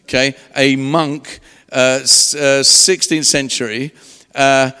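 A preacher shares his testimony in a loose, conversational way, doubling back on his words. His voice sits at an ordinary pitch for a man. The sound trails off with the long reverb of a big hall. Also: flat delivery, slow, bright, forceful tone, smooth. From England. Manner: conversational storytelling with restarts. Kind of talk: sermon testimony.

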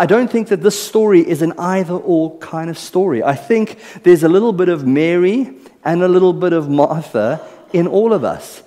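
A South African man preaches from a church stage, his voice sitting a touch higher than most men's. His talk is chatty and playful, often checking that the congregation is following. A long hall reverb trails every line. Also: warm tone. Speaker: pastor. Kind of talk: sermon. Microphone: stage PA microphone.

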